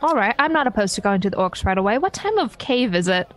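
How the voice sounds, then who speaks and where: A woman's voice: mid-range voice, animated, fast, a bit bright. A woman playing a tabletop game with playful in-character asides. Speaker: player.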